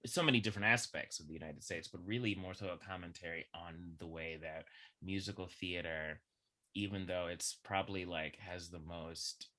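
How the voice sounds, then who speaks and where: A young man talking as a podcast guest in a casual, animated chat full of filler words. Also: low voice, moderate pace. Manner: animated, chatty, heavy use of filler words.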